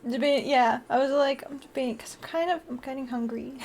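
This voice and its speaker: A woman's voice: high-pitched, normal speed, mellow. A woman streamer chatting casually on a live stream, bubbly, often gasping and laughing as she thanks her viewers.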